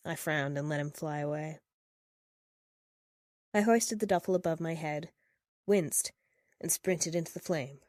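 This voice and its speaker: A woman narrating first-person fiction in a steady, measured reading. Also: sits low, no room sound, clean studio sound.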